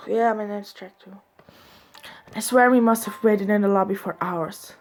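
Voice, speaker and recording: A woman's voice: mid-range voice, fairly even intonation, normal speed, a little hiss or hum. A woman reading fanfiction aloud in a casual, earnest way, breaking off for chatty asides. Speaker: fanfiction reader.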